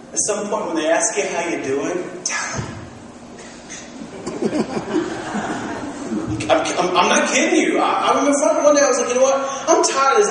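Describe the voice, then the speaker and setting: Casting: young male pastor, high voice, lively storytelling sermon, recorded far off in a church. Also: background noise. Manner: animated storytelling with acted-out quotes. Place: church sanctuary. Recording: echoey hall from far off.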